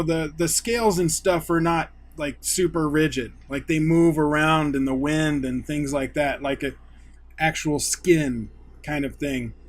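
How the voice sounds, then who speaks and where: A man hosting a casual recap of a TV episode, retelling scenes with eager excitement. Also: on the high side. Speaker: YouTube show host.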